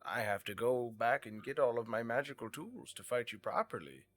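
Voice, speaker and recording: Cast: a man as a mocking little gnome trader, mid pitch, dry condescension. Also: normal speed, natural voice. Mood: smug. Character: smug gnomish merchant man.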